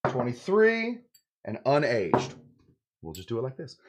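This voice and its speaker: A man hosting a casual cocktail-making demonstration, joking and rambling with lots of asides. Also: high-pitched. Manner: joking, rambling, self-interrupting. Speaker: host of a cocktail channel.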